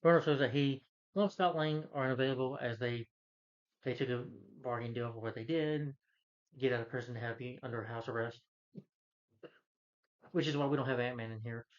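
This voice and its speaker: A film reviewer recaps a superhero movie in a rambling, casual style, stumbling into restarts and fillers and quoting characters in his everyday voice. He has a medium pitch, fairly even intonation, and a fairly quick pace with frequent pauses. The recording is muffled.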